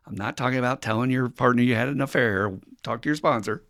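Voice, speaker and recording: A man's voice: mid-range voice, a little fast, creaky, a bit bright. A man from the United States hosting a podcast about recovery, speaking frankly and bluntly as a sponsor, swearing and laughing often. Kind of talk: candid podcast talk on recovery.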